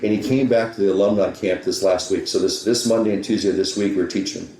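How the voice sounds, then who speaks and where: A man's voice: deep voice, dark tone. A man who is a golf teaching professional, telling a story in a podcast interview and acting out the back-and-forth dialogue. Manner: retells conversations with quick back-and-forth dialogue. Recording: roomy echo.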